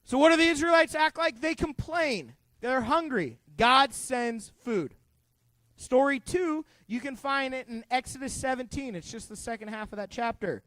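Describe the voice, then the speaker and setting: A man's voice: very high voice, normal speed, dry recording. A man teaching a youth group Bible lesson as youth pastor, joking and quizzing the kids as he goes. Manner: animated, full of asides.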